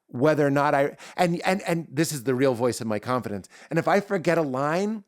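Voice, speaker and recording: Animated man telling a long story. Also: fairly high pitch, fairly quick, few pauses, no room sound, studio quality. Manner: animated, acts out bits in character voices. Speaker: guest comedian. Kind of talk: podcast interview chat.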